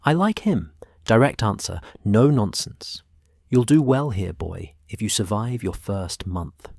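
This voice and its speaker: A burly old dragon handler booms out a welcome, as a man reads him. The voice sits low and hearty. It is close and dry, with no room around it. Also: expressive, a little slow, vocal fry, a little mellow, no echo, exaggerated voice. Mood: approving. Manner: booming, hearty.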